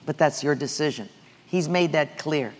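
Speaking at a moderate pace with a fairly high pitch, a male pastor preaches in a large hall. He narrates stories and prompts the congregation to answer his questions aloud.

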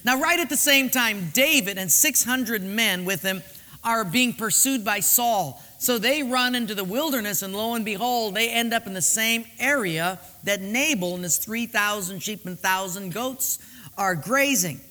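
High-voiced preacher. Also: male voice, measured pace, in a large hall. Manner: humorous, animated storyteller. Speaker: pastor. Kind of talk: sermon storytelling.

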